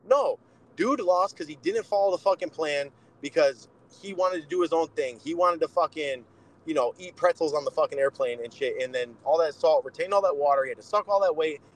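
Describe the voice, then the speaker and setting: Young male podcast co-host, slightly high pitch, blunt and profane storyteller. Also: a little fast, rough recording. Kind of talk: casual podcast chat.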